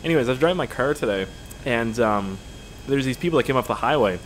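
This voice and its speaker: Young dude rambling over gameplay, crude jokes, mid pitch, kinda goes off on tangents. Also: male voice, expressive, fast, slight background noise. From Canada. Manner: rambling, crude, joking, easily sidetracked. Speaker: gaming channel host. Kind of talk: casual gameplay commentary.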